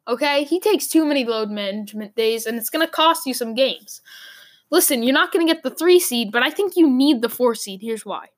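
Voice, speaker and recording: A woman's voice: high-pitched, expressive, brisk. A young woman from Boston with a Boston accent, hosting a rambling, opinionated sports talk monologue full of "like" fillers. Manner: rambling, emphatic, lots of "like" fillers.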